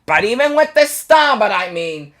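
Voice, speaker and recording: Brief: streamer's impression of a high, bouncy, giggling mouse mascot. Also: big pitch swings, moderate pace, a bit bright. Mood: cheery. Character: cheerful male mouse mascot.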